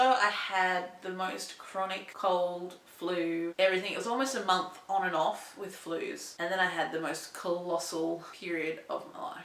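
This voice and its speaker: A woman's voice: mid-range voice, fairly bright tone, far from the mic. A young adult woman telling her personal story on a vlog, candid and emotional, piling up repeated phrases. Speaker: vlogger. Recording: roomy echo.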